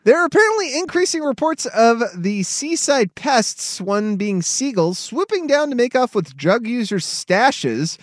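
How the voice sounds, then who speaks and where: A man's voice: very high-pitched, unhurried, few pauses, no echo. A man co-hosting a sports radio show, reading headlines and trading jokes in casual banter. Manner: animated, jokey, reads headlines.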